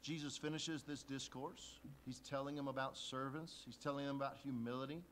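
A man preaching a sermon as a pastor, shifting from quiet, intimate talk to loud emphasis. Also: medium pitch, fairly even intonation, a little fast, slight background noise.

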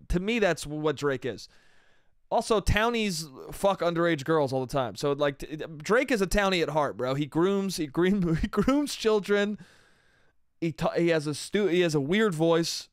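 A man rambling through a crude solo comedy podcast. His voice is fairly high, smooth and resonant. The recording is dry and close, with no room echo. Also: expressive, moderate pace. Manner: rambling, crude, peppered with "dude" and "bro". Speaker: podcast host.

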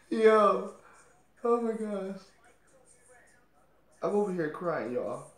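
Guy doing a reaction vid, higher voice, talks slow, laughs a ton, roomy echo. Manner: giggly, gushing, frequent laughter; kept low to stay quiet. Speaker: reaction video host. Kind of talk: casual reaction commentary.

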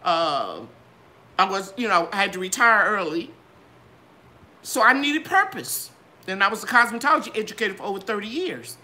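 An older woman talks to her viewers in a live gardening Q and A. Her voice swoops up and down in a sing-song way. Her tone is bright and ringing, like a trained singer's. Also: normal speed. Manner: animated, sing-song ups and downs in pitch. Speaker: gardening channel host. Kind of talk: live Q and A chat.

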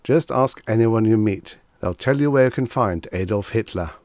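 A man voicing a panicky, haughty young dandy with a shrill, indignant manner. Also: normal speed, a little mellow, no room sound, studio quality, lightly acted. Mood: haughty scolding.

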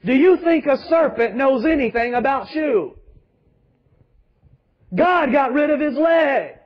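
Man, pastor, high voice, emphatic sermon, dull lo-fi recording. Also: animated, slow. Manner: emphatic preaching with rhetorical questions.

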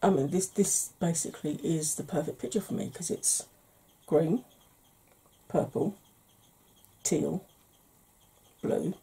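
Soft-spoken woman with a husky, mellow voice. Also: lowish voice. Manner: soft, chatty, explaining step by step. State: yawning, tired. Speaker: makeup tutorial host. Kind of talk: ASMR makeup tutorial.

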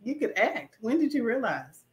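A woman's voice: fairly high pitch, very animated, normal speed, dull audio. A woman hosting a talk show, asking upbeat, encouraging questions. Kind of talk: interview questions. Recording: echoey room.

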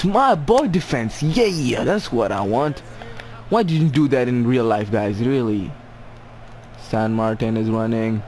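Excitable young man calling his football game. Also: medium pitch, a little hiss or hum. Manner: shouts players' names, swings from cheering to groaning. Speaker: gaming YouTuber.

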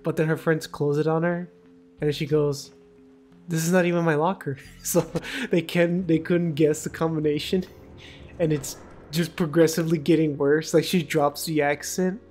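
Giggly, animated co-host telling stories. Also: medium pitch, moderate pace, faint music behind. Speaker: gaming co-host. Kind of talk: casual chat.

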